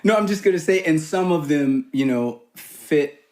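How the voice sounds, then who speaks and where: A man chatting as a podcast guest, telling stories with lively pitch and acting out the voices he quotes. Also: moderate pace. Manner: animated storyteller, acts out quoted voices with jumps in pitch. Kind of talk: casual chat, storytelling.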